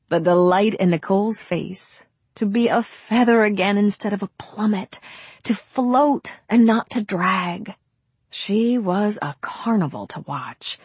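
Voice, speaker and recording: A woman reading a novel aloud as a narrator, in a measured, unhurried way. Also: mid-range voice, darkish tone, slightly rough, no room sound. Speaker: audiobook narrator. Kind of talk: scripted narration.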